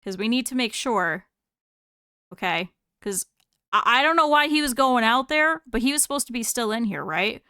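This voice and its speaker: A commanding bee boss, as a woman puts him on pushes his partner to keep track of someone, over and over. His voice is bright and smooth, close to her own. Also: a little high, expressive, moderate pace, no echo. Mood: bossy. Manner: commanding, insistent.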